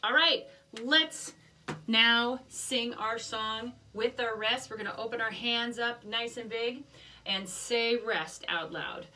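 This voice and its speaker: A woman teaching a music lesson to young children, gently encouraging and chanting rhythm syllables in a sing-song voice. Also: a little high, takes it slowly, distant mic, slight background noise.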